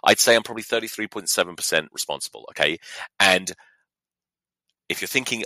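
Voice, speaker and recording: A man's voice: sits low, brisk, long pauses, bright, forceful tone, no room sound, poor audio. A young man, a podcast host, telling a story in a sweary, mock-outraged monologue. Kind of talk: casual comedic monologue.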